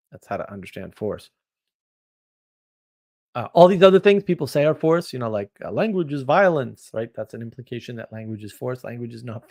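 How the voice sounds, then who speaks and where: A man hosts a casual livestream and answers viewer comments as they come in. He talks in a rambling, opinionated way. His voice sits at an average pitch and swings between loud bursts and quiet asides. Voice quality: rambling, opinionated, quick shifts in loudness. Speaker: livestream host.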